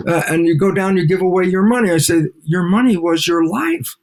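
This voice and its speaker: Older male lecturer, animated, plays out dialogues mid-answer. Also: high-pitched, a little fast, hardly any pauses. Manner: animated, acts out back-and-forth dialogues. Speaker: guest scientist and lecturer. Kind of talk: interview conversation.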